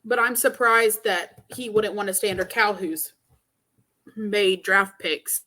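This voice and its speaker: A woman's voice: mid-range voice, unhurried, bright, forceful tone. A woman from Arkansas co-hosting a casual sports podcast, blunt and opinionated. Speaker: podcast co-host.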